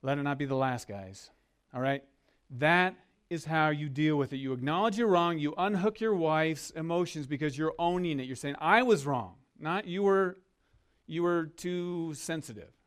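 A man's voice: a little high, animated, moderate pace, fairly bright tone. A man preaching a sermon as a pastor, earnest and leading his listeners to repeat words with him. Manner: earnest, leads congregation call-and-response.

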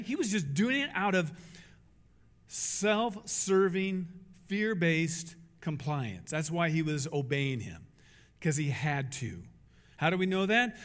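A man's voice: sits high, a bit bright, big-room sound. A man preaching a sermon, emphatic, asking rhetorical questions and acting out quotes. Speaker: pastor.

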